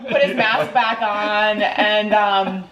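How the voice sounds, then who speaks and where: A woman's voice: mid-range voice, slow pace, dull audio, crowd noise. A young woman podcast host telling a personal story in a casual, chatty way, with lots of "like" fillers. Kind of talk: casual chat. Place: indoors in Hawaii. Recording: roomy echo with faint noise.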